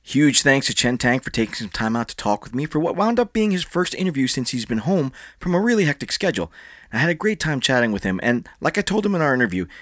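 A man hosting a podcast interview, upbeat and quick to laugh. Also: mid-range voice, fairly bright tone, no echo, clean studio sound. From Filipino background. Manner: upbeat, friendly, laughs easily. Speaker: podcast host. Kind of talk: casual interview.

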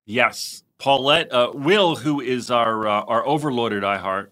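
A man co-hosting a podcast in casual chat, quick and chatty. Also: medium pitch, a bit bright. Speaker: podcast co-host.

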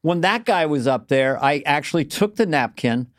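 An older man rambles through anecdotes with a comic's loose riffing, his voice sitting a bit high for a man. It is casual podcast chat with a guest in no hurry. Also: animated, moderate pace.

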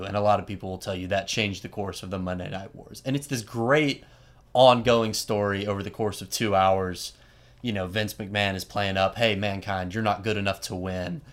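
A man with a slightly low voice tells a story in a loose, chatty way. He keeps it animated, with plenty of "like" and quick asides. It sounds like an easygoing host recounting events to a friend. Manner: animated retelling with frequent "like" and asides. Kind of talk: casual storytelling chat.

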